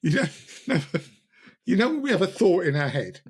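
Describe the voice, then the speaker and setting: A man's voice: high-pitched, very animated, moderate pace, breathy edge. A man co-hosting a casual pub-style podcast chat, rambling and joking at himself. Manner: rambling, jokey, self-mocking. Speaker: podcast co-host.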